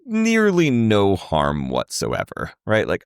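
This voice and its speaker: A man's voice: low-pitched, sing-song, normal speed, no room sound, studio quality. A man co-hosting a podcast in laid-back casual chat, laughing along often. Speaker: podcast co-host.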